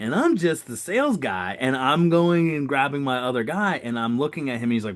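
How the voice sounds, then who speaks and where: A man, a car salesman co-hosting a podcast, telling stories in a wild, energetic way and acting out what people said with big jumps in pitch. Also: moderate pace, hardly any pauses. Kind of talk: casual podcast conversation.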